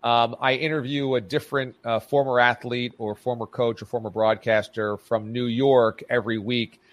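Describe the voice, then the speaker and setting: A man's voice: mid-range voice, flat delivery, moderate pace, no echo. A man guesting on a sports radio show, talking in a casual, emphatic way and repeating phrases for punch. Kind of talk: casual radio interview chat.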